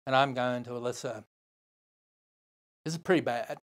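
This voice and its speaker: An older man with an Australian accent, a podcast guest telling a long story in a lively, casual way, acting out other people's lines. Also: medium pitch, moderate pace. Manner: animated, swearing, acts out other voices.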